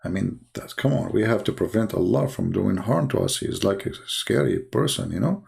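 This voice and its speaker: In mocking live-stream commentary, a host whose first language is Arabic talks in Arabic-accented English, full of sarcasm, fillers and restarts. He comes from the Arab world and has a lowish, darkish, expressive voice with vocal fry at a normal speed.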